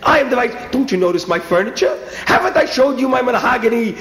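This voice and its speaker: A man voicing a pompous, panicky male vice president who pleads in a high, fussy voice. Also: animated, fast, fairly bright tone. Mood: indignant. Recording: roomy echo.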